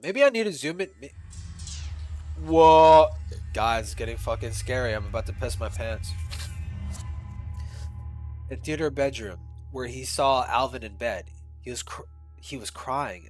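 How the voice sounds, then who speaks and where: A male streamer reading a creepy fan story aloud, animated and full of swearing asides. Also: mid-range voice, unhurried, long pauses, soft background music, low-quality recording.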